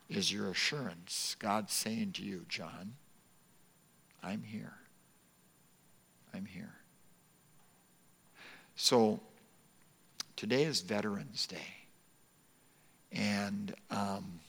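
A man preaching a sermon as pastor, telling a story slowly and earnestly, dropping to soft whispers on repeated phrases. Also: lowish voice, gravelly, husky, big-room sound. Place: church sanctuary.

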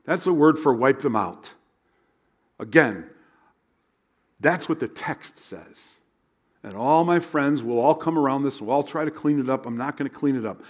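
A man preaching a sermon as a pastor, animated and conversational, sometimes dropping to a hush. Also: medium pitch, normal speed, long pauses.

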